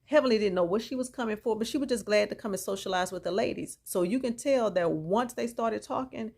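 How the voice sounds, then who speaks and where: Creaky-voiced woman recapping reality TV. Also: mid-range voice, a little fast, darkish tone. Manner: opinionated, chatty, mixes in reactions. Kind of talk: casual gossipy show recap.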